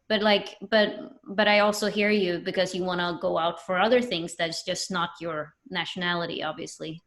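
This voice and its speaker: Swedish-accented woman on a panel. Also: fairly low pitch. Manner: thoughtful, restarts often. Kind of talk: panel discussion. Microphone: video call.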